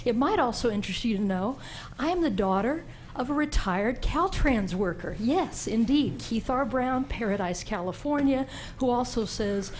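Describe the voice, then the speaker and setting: A woman's voice: fairly high pitch, lively intonation, normal speed, darkish tone. Woman speaking up at a county meeting, worked up and emphatic, bit of room noise. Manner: emotional, indignant and emphatic. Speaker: public commenter. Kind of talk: public comment at a county board meeting.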